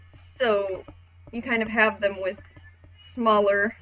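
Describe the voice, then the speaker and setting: Bright-voiced woman chatting while drawing. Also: medium pitch, fairly even intonation, takes it slowly, highs cut off, soft background music. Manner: chatty, casual, swears, acts out voices. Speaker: art tutorial host. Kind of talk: casual drawing tutorial.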